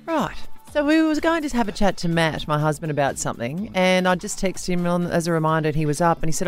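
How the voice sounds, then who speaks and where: A woman's voice: lowish voice, very animated, fast, faint music behind. A woman hosting a radio breakfast show, teasing and exasperated, and she laughs often. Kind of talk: lively radio banter.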